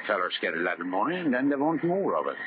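An actor playing a humble, hardworking sailor who dreams of a farm, speaking earnest broken in a 1930s radio drama. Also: male voice, on the low side, sing-song, fast talker. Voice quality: broken English, pleading. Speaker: ship worker. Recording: tinny 1930s radio broadcast, hiss.

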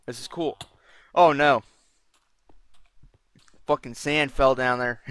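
A man's voice: fairly high pitch, measured pace, long pauses, a bit bright, no room sound. A man giving casual gameplay commentary as a channel host, brash and profane, rambling as he plays.

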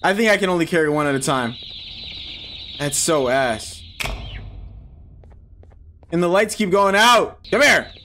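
A man giving let's play commentary on a video game, cursing and yelling whenever it goes wrong. His voice sits high and bright, and it swings up and down a lot as he reacts. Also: unhurried, long pauses, a little hiss or hum. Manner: animated, swears, yells at the game. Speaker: gaming video host.

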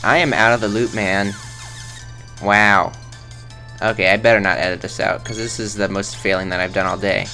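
Goofy gravelly-voiced man playing a game. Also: on the low side, fairly even intonation, normal speed, bright, forceful tone, soft background music. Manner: rambling, goofy, self-mocking; makes silly sound effects. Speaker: let's play host. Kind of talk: casual game commentary.

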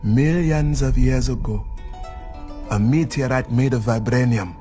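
An actor playing an older father calmly telling his son a legend in a film scene. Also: medium pitch, unhurried, natural voice. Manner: calm, storytelling. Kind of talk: film dialogue. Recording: film clip with music behind.

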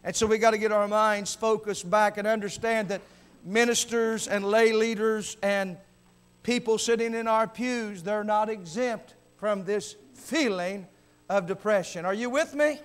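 High-voiced man preaching a revival sermon. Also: fairly even intonation, a little slow, clear, resonant tone. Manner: rising into shouted preaching. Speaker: visiting preacher. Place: church sanctuary.

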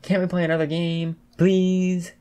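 A man putting on a whiny teen girl, very high, slow drawn-out pleading. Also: level tone, dark tone, smooth. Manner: whining, pleading. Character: bubbly, whiny teenage girl student.

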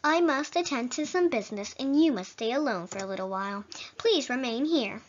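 A woman reading aloud the lines of a gentle, motherly goat-monster caretaker from a video game. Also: sits high, lively intonation, a little fast, slight background noise. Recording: dull lo-fi recording.

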